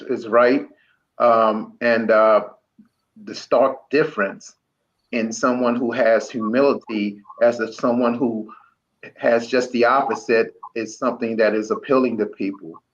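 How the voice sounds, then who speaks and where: A man on a political panel talking in a folksy, halting way with many false starts. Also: mid-range voice, fairly even intonation. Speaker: Democratic club member. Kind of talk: roundtable discussion. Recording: dull lo-fi sound.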